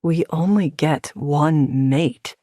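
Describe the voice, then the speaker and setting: A woman narrator voicing a confident, protective young male werewolf alpha, speaking in a firm, steady, lowered voice. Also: takes it slowly, no room sound, studio quality. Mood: earnest, firm.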